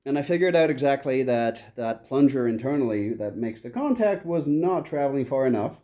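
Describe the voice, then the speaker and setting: A man's voice: mid-range voice, expressive, moderate pace, mellow, no echo. A man vlogging outdoors on his homestead, chatting casually and coaxing and scolding his goats. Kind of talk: casual vlog narration. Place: outdoors on a farm.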